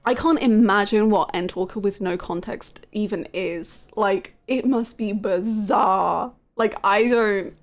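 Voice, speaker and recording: A woman's voice: mid-range voice, a little slow, few pauses, faint music behind. A woman streaming a game live, chatting casually with her viewers in a giggly, rambling way.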